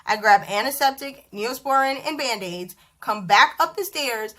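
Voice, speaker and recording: This is a woman in her thirties vlogging from her bedroom at home, chatting straight to the viewer. Her voice sits a little high and sounds bright and forward. She tells the story with lively energy and acts out the dialogue as she goes. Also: normal speed. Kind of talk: casual storytelling vlog.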